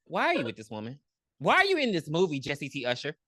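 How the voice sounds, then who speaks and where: A woman co-hosting a podcast, recapping a movie in blunt, profane, animated casual chat. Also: sits low, quick pace, no echo, studio quality. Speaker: podcast co-host.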